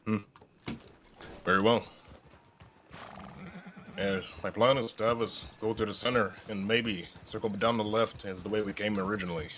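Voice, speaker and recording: A man's voice: fairly low pitch, fairly even intonation, normal speed, pauses often, a bit bright, slight background noise. A man speaking in character during a western roleplay, in a formal and terse manner.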